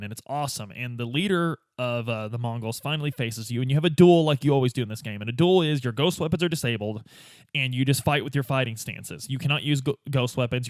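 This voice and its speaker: A man hosting a podcast, retelling a game's story in an animated, casual way. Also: mid-range voice, no room sound. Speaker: podcast host.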